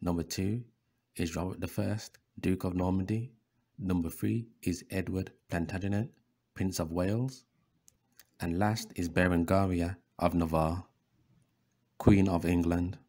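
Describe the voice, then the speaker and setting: A man's voice: deep voice, fairly even intonation, measured pace, darkish tone. A man hosting a history video, narrating over images in a preachy tone, calling listeners brothers and often repeating himself with fillers. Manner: repeats words, frequent fillers and restarts.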